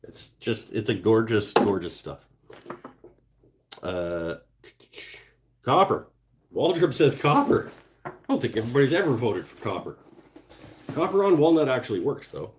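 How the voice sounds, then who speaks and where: A man hosts a relaxed live stream from his home workshop, speaking slowly and thinking aloud. He reads out viewer comments and mutters to himself as he works. His voice sits at an ordinary middle pitch, with a faint hum of noise behind him. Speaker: woodturning livestream host.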